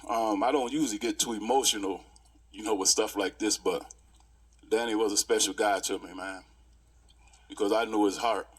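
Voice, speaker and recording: A man in his sixties, a pastor, giving a heartfelt memorial tribute and reminiscing in stories with many pauses. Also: on the low side, steady tone, a bit bright, husky.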